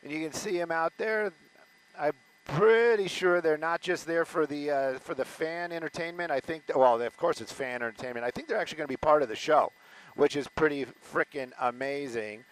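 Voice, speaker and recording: A man's voice: a little high, moderate pace, rough recording. Chatty man reporting from a helicopter. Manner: loose, rambling, self-interrupting. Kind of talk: live aerial news commentary. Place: news helicopter over a stadium.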